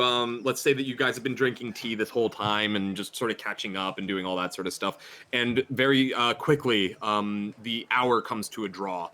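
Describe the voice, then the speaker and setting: A man's voice: fairly low pitch, pushed and bright. A man narrating a tabletop horror game as game master, hesitant with many fillers.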